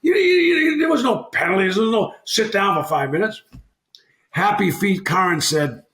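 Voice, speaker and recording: This former hockey player, now in his sixties, spins a loose podcast tale, going off on tangents and fixing his own words as he goes. He speaks at a moderate pace in a high-pitched, slightly bright voice with lively intonation. There's a roomy echo on the recording.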